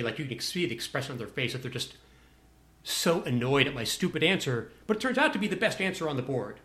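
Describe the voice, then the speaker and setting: A man's voice: on the high side, bright, forceful tone. A man telling a personal anecdote to a listener in a wry, self-deprecating way.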